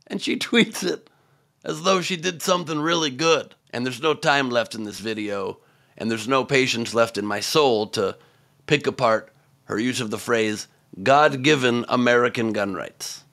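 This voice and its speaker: A man hosting scripted comedic political commentary, sarcastic and mocking, with sudden loud outbursts. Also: mid-range voice, unhurried, gravelly.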